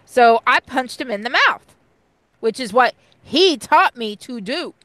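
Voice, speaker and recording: A young adult woman telling a personal story in casual, profane chat, blunt and animated. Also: on the high side, a little slow, no room sound, poor audio. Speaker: co-host.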